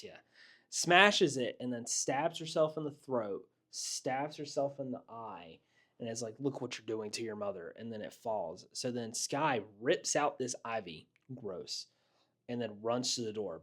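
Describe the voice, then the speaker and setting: A man's voice: medium pitch, a little slow. A man co-hosting a podcast, casually recapping a horror movie scene by scene and mimicking characters as he goes. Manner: animated storyteller, mimics characters in quotes. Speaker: podcast co-host.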